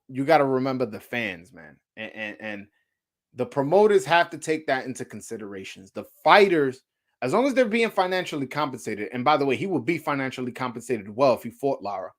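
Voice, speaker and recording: A man hosting his own show, giving a casual, profane opinion rant with rhetorical questions and many repeats. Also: fairly high pitch. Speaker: boxing commentator, show host.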